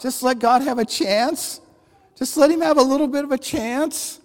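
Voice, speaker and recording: A man preaching a storytelling sermon, animated and acting out the dialogue in his stories. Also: very high-pitched, normal speed. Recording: long hall reverb.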